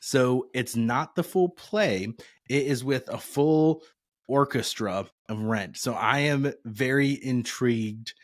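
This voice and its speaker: A man's voice: mid-range voice, slow pace, no echo. A man from Nebraska co-hosting a podcast, chatting casually and upbeat with rambling asides. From Nebraska, USA. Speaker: podcast co-host. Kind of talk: casual chat.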